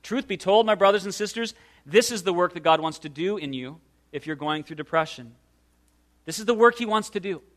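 A male preacher with a high, bright voice delivers an earnest sermon. He speaks in a pastoral tone and slows down to press his points. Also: lively intonation.

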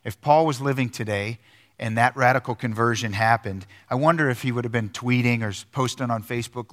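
Middle-aged guy preaching a sermon in church, earnest, lots of restarts and fillers, mid pitch. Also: fairly quick, fairly bright tone. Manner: earnest storytelling with frequent restarts and filler words. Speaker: pastor. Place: church sanctuary.

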